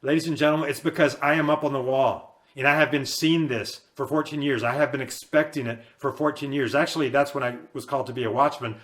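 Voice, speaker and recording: A man's voice: medium pitch, fairly even intonation, quick pace, few pauses, fairly bright tone. Fiery man preaching an end-times warning. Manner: fiery, emphatic, repetitive.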